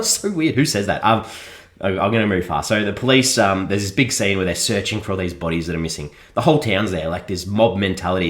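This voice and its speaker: A man's voice: low-pitched, fairly bright tone. A man casually reviewing a film on a podcast, chuckling often as he mocks what he saw. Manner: chuckles often, mocking and critical.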